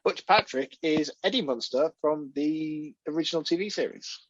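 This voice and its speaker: British co-host, husky voice, swears freely, a little raised in pitch, dull dry lo-fi recording. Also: male voice, normal speed, dry recording. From Britain. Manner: sweary, exasperated banter. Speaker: podcast co-host. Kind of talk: casual film review chat.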